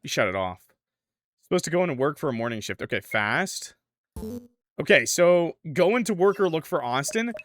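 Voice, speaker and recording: A man's voice: on the high side, big pitch swings, normal speed, fairly bright tone, no room sound, clean studio sound. A man streaming a horror game from his home room at the PC, chatting with viewers, joking and reading the game's narration aloud. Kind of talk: casual livestream commentary and reading game text. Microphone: desk mic with noise suppression.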